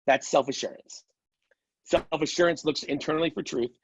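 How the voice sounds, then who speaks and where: Middle-aged guy teaching a class, casual storytelling vibe, kinda husky, dry muffled sound. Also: fairly high pitch, no room sound. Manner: conversational, quick asides and playful quoted voices. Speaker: strengths coach teaching a class. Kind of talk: casual lecture with anecdotes.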